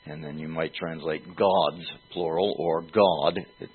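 Slow, husky-voiced male preacher. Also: a bass voice, fairly even intonation. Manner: slow, deliberate teaching with pauses and fillers. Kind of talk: expository sermon. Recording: tinny phone-like sound.

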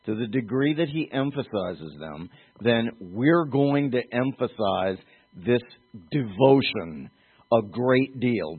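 A man preaching a teaching sermon, explaining terms and putting questions to his congregation. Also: lowish voice. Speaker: pastor. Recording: tinny phone-like sound.

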